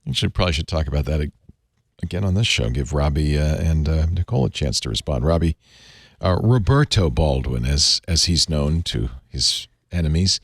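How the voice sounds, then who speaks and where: A man's voice: brisk, husky, dry recording. A man hosting a casual tech panel chat, chatty and joking, who grew up in Rhode Island. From Rhode Island, USA. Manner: chatty, jokey, lively pitch swings. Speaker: host.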